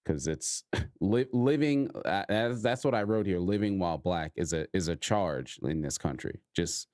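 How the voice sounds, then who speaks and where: Man in his thirties co-hosting a podcast, low voice with lively pitch, dry close sound, earnest and halting. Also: no echo. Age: 30s. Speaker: podcast co-host. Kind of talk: casual chat.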